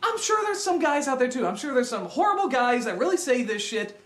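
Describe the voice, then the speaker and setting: Brief: ranting male reviewer, swooping lively pitch, roomy echoey recording. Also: fairly quick. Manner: exasperated, animated, mocking impressions. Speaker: film reviewer. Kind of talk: comedic review rant.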